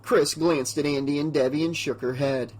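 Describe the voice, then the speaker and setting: A male audiobook narrator reading in a steady, measured way. His voice sits a bit high for a man and carries the prose evenly from line to line. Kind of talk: scripted narration.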